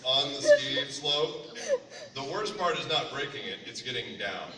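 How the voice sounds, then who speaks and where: A man telling a story at a fan panel with loud laughing and yelps in acted screams. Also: medium pitch, sing-song, a little slow, heavy background noise. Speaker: convention panel guest. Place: large convention hall with audience. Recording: echoey hall, far mic, loud crowd.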